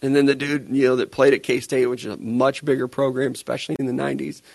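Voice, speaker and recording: Man, gravelly voice, casual podcast chat, teasing and laughing, dry sound. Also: medium pitch, flat delivery, quick pace, a little mellow, dry recording. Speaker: podcast co-host.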